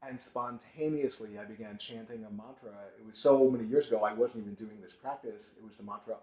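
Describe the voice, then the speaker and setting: A man, an author, telling personal stories to an audience at a bookstore event, loud at first and softer later. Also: on the low side, fairly even intonation, brisk. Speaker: author giving a book talk. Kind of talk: storytelling talk to an audience. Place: large bookstore event room. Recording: roomy echo.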